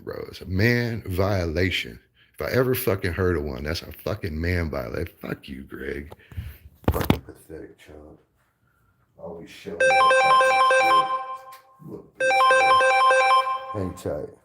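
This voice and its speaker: A man's voice: sits low, lively intonation, moderate pace, creaky, echoey room, music in the background, poor audio. A man ranting angrily at a commenter, insulting and aggressive, repeating himself. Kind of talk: angry profane rant.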